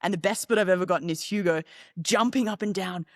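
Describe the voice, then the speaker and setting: A woman's voice: on the low side, fast talker, no room sound, studio quality. A young woman, a podcast guest, telling a story in casual chat, acting out quotes and laughing often. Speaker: podcast guest, ski racer.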